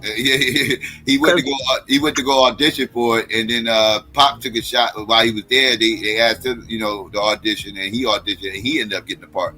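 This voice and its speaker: A man's voice: mid-range voice, fairly even intonation, fairly quick, hardly any pauses, sharp tone, soft background music, rough recording. A man in casual chat, rambling and repeating himself as he recalls things, laughing often.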